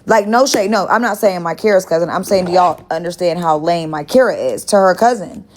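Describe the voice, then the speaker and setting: On the low side with a darkish tone, this livestream host's voice moves fairly quickly. She rambles through a gossipy story for her viewers, profane and emphatic in her swearing.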